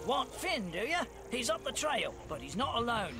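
A high, lively trapped scout. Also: male voice, heavily acted. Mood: briefing. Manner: brisk, informal calls for help. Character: trapped male scout, urgent and breezy. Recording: game audio over music.

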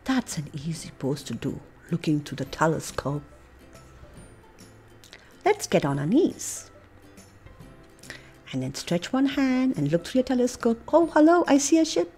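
American woman, preschool teacher, slow unhurried kids' yoga story, lively swoops, faint music behind. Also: deep voice. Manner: animated, playful, coaxing, with soft breathy asides. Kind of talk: reading a picture book with yoga poses for children.

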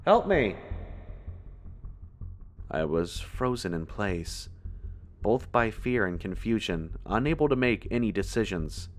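A man narrating a first-person horror story in a tense, measured way. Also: lowish voice, lively intonation, slight background noise.

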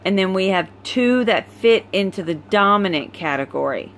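Showing a litter of puppies at home, a worn-out woman dog breeder chats slowly and easily into her phone camera. Her mid-range voice has lively intonation and a fairly bright tone, with faint noise in the background.

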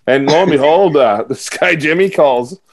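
A man's voice: on the high side, moderate pace. A man, a former hockey player, telling a story in a casual interview, laughing as he goes and acting out what people said. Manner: laughs through anecdotes, acts out quotes.

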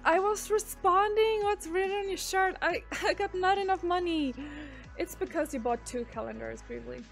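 A woman's voice: very high-pitched, normal speed, gravelly, soft background music. A woman streamer, casually chatting and reading out viewer messages. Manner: chatty, reads out viewer messages and answers them. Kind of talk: casual live-stream chat.

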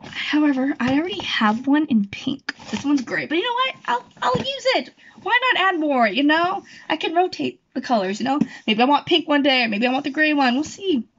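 A woman's voice: high voice, sing-song, brisk, fairly bright tone. Young woman talking at home, rambles a lot, fixes her words, kinda muffled sound. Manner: rambling, chatty, self-correcting. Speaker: YouTuber. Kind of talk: casual chat. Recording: dull lo-fi recording.

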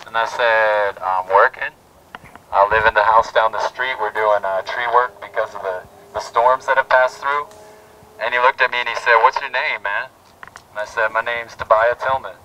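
Bright-voiced man telling a story at a rally. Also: lowish voice, steady tone, moderate pace, recorded from a distance, a little hiss or hum, rough recording. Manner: heartfelt storytelling with restarts. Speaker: protest speaker. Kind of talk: speech at an outdoor rally. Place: outdoor town plaza.

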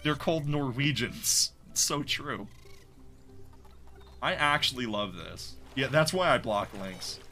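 A man's voice: medium pitch, lively intonation, slow, pushed and bright, soft background music. A man streaming a game live, chatting casually, reacting aloud and greeting viewers in chat. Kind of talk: live gameplay commentary.

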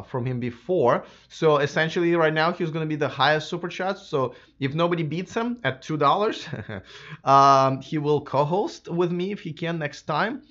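A man hosting a live stream, chatting casually with lots of fillers and restarts, his voice a bit hoarse from a sore throat. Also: on the high side, fairly bright tone, lo-fi sound. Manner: rambling, many fillers and restarts. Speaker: livestream host.

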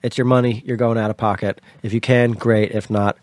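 A man's voice: on the low side, flat delivery, a little fast, a little mellow, no echo, studio quality. A man co-hosting a podcast, chiming in with jokes during casual chat. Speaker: podcast co-host.

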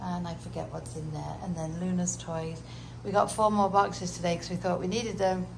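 A woman's voice: fairly low pitch, level tone, moderate pace, gravelly. A British woman vlogging casually while emptying her house, tired and chatty with an emotional edge. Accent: British English. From Britain. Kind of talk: casual vlog chat. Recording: noisy home recording.

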